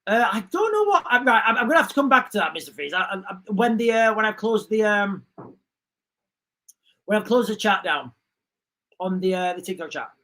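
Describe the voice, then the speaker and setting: A man's voice: sits high, a little fast, long pauses. Male livestream host, chatty, rambling, reads out comments. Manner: rambling, restarts often, animated asides. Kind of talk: casual livestream chat reading comments.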